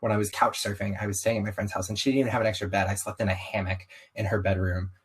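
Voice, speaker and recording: A young man with a slight Southern US accent, candidly telling his story in an interview, animated and full of "like" asides. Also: lowish voice, very fast, breathy edge, rough recording. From US, Southern-ish family. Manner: animated, frequent "like" asides, acts out quotes. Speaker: podcast guest.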